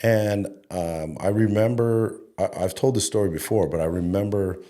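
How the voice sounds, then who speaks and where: A man's voice: on the low side, moderate pace, warm tone. A middle-aged man from Denver, a head coach being interviewed, telling stories loosely and chattily with fillers and a bit of swearing. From Denver, Colorado, USA. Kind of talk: casual interview storytelling.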